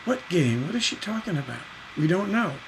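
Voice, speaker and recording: A man teaching songwriting on a livestream, taking a lyric apart in a playful, animated way and singing out the syllable patterns as he goes. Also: sits high, brisk, a little hiss or hum, poor audio.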